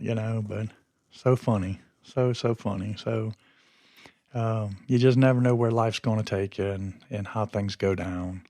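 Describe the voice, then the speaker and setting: Man, podcast host, low voice, monotone, rambling casual storytelling. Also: measured pace, dry recording, clean studio sound. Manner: rambling and conversational, often losing his train of thought.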